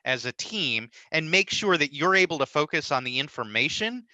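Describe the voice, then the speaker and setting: A man speaks as an interview guest, walking through advice with steady confidence and a rhetorical "right?" now and then. His voice is very bright and forward. The sound is dry and close, with no room around it. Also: a little high, normal speed, dry recording, poor audio. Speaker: nonprofit merger consultant, guest. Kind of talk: conversational interview answers.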